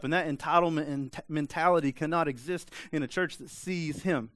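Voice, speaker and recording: A male pastor preaching a sermon in an emphatic, conversational way, dropping into quiet, intense asides and acting out voices. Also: fairly high pitch, brisk, dry recording, clean studio sound.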